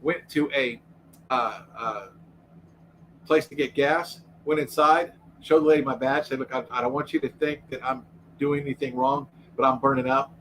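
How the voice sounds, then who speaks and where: A man's voice: medium pitch, steady tone, moderate pace, a bit bright, a little hiss or hum, poor audio. A man who used to be a police officer, co-hosting a casual livestream chat and telling rambling stories with a lot of restarts. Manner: rambling storytelling with repeated restarts. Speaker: co-host, former police officer.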